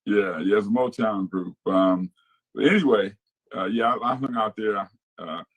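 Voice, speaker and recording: A man's voice: fairly low pitch, a little slow, rough recording. An older man, a former touring musician, telling stories easygoing and hesitantly, with frequent restarts. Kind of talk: casual conversation.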